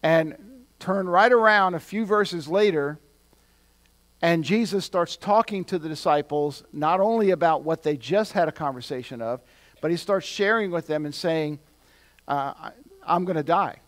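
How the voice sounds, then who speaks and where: A male pastor giving a sermon, talking conversationally and building to loud, emphatic points. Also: on the high side, unhurried.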